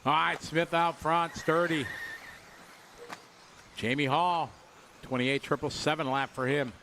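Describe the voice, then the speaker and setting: A man's voice: fairly high pitch, fairly even intonation, unhurried, background noise. A man from Wisconsin giving chatty, upbeat live race commentary and greeting viewers. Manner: chatty, upbeat, jokes with chat and co-host.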